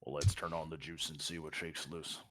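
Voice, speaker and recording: A man with a gravelly voice, a player chatting at a tabletop game with a dry, wry delivery. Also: rumbling low, level tone, normal speed, a bit bright, slight background noise. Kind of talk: casual chat at a gaming table.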